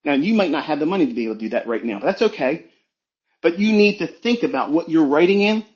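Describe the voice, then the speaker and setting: A man's voice: fairly high pitch, animated, fast talker, darkish tone, highs cut off. A man giving a blunt, profane motivational talk as a trading mentor on a live audio stream.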